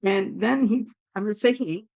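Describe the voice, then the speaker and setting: A woman recounts a personal story in a gravelly, hoarse voice at a medium pitch. She acts out the thoughts she had at each moment. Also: normal speed. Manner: animated, acts out her own thoughts. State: hoarse, damaged throat. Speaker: guest telling her near-death story.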